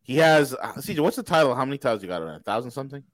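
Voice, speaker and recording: A man's voice: mid-range voice, big pitch swings, very fast, no room sound. A man hosting a podcast, joking and teasing his co-hosts in casual banter. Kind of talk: casual chat.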